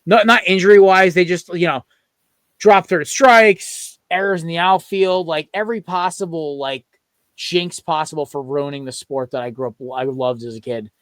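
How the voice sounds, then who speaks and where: Young male co-host, heated opinionated rants, slightly high voice, dry close sound. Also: normal speed, a bit bright, no echo. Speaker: podcast co-host. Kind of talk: casual sports podcast chat.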